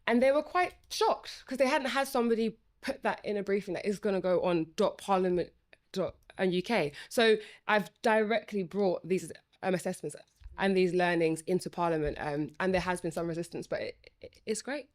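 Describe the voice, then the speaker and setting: Speaking at medium pitch and a moderate pace, a former student who now works in Parliament chats on a conversational podcast. She stammers, speaks with passion, and keeps restarting and adding filler sounds while working through her thoughts out loud.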